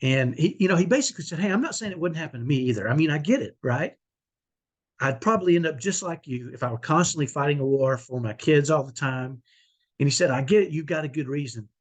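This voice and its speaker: Husky, heartfelt middle-aged man. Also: fairly high pitch, animated, fast. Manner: heartfelt, confessional, many restarts. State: emotional, near tears. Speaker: vlogger, autism parent. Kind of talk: earnest personal vlog.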